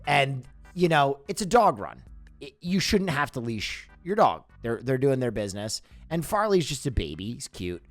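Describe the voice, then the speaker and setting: A young man in casual chat, telling profane, animated stories about his dog. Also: medium pitch, moderate pace, faint music behind. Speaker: streamer co-host.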